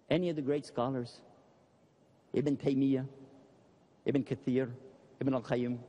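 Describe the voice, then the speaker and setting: An older man preaching a lively religious lecture, acting out other people's voices for humor. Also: medium pitch, big-room sound. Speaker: Islamic preacher.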